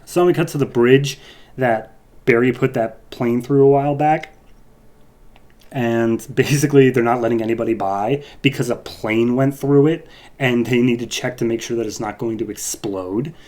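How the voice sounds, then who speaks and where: A man's voice: medium pitch, moderate pace, a little mellow. A man who reviews comic books, giving a loose, rambling podcast recap full of asides.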